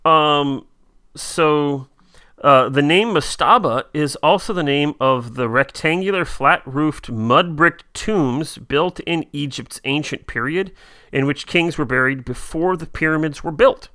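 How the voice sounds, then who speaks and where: A man's voice: a little high, measured pace, bright, forceful tone, dry recording, studio quality. A man co-hosting a casual talk show, chatting with many fillers and hesitations. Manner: hesitant, many fillers, reads quotes aloud. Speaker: podcast co-host. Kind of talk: casual chat about a TV episode.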